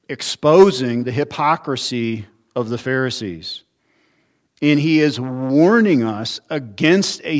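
A man preaching an expository sermon as pastor, in an earnest teaching manner that poses rhetorical questions and shifts his emphasis often. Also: medium pitch.

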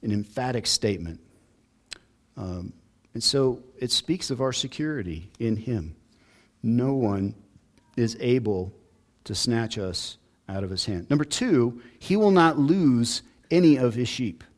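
A man's voice: mid-range voice, lively intonation, measured pace. A man preaching a sermon as pastor, earnest and building emphasis on key points.

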